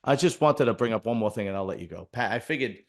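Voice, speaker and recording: A man's voice: mid-range voice, animated, fast talker. A man hosting a podcast in casual chat, rambling and blunt with many restarts. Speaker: podcast host.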